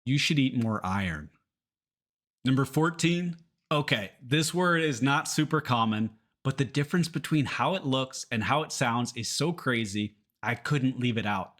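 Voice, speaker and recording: A man from teaching English pronunciation, modeling words slowly and repeating them so learners can copy. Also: mid-range voice, lively intonation, fairly bright tone. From Kentucky, United States. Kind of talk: pronunciation lesson.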